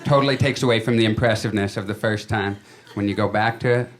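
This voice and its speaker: A man's voice: lowish voice, fairly even intonation, quick pace, a crowd in the background. A man doing a stand-up comedy set, telling stories in a conversational way and acting out quotes. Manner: conversational storytelling with acted-out quotes. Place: comedy stage before a live audience. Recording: live audience laughter.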